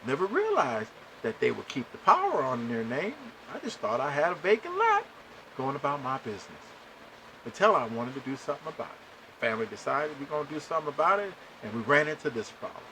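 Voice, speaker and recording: A man hosting a podcast, telling a story to listeners in an animated way and acting out the dialogue. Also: on the high side, fast talker, a little hiss or hum, poor audio. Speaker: podcast host.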